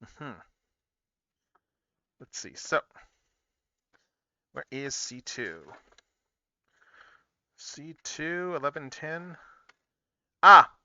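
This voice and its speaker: A man hosting a casual livestream, rambling and excitable as he thinks out loud while he works on a build. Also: fairly high pitch, extremely slow, long pauses, a little hiss or hum. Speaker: livestream host building model kits. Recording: dull lo-fi, dry sound.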